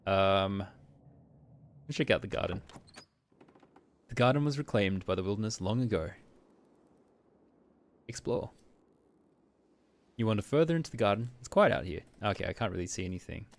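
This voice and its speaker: A man streaming a visual novel, reading its narration briskly and muttering asides while laughing at himself. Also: lowish voice, animated, creaky.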